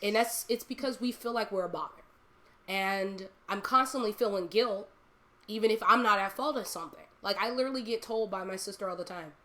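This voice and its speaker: A woman talking casually and candidly as a live streamer, telling animated personal stories and laughing often. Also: mid-range voice, brisk. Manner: candid and confiding.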